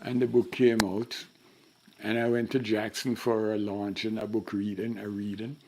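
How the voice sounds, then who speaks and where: Older man telling lively anecdotes. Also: lowish voice, moderate pace. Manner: animated storyteller who acts out the voices in his anecdotes. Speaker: interviewee. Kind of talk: storytelling interview.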